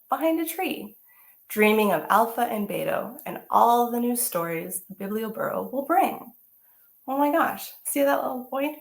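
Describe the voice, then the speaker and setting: A woman teaching artist reading a picture book aloud to children, animated and exclamatory, often asking them questions. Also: a little high, gravelly, echoey room.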